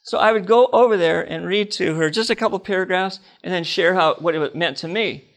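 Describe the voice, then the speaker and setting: A man's voice: sits high, a little fast. An older man preaching a personal testimony, telling stories with laughter and acting out the dialogue.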